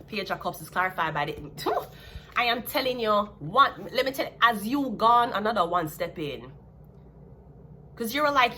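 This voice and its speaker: A Jamaican woman in a casual tarot reading, talking in a blunt, sassy way with an average-pitched voice. A faint hum of ambience sits behind her. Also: pushed and bright. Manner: blunt, sassy, laughs at her own jabs. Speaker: tarot reader.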